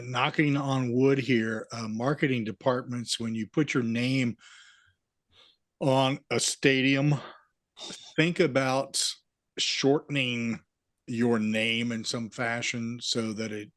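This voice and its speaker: Male sports podcast host; wry and offhand, mid-pitched, dry room. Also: steady tone, takes it slowly, no room sound. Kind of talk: casual sports podcast chat.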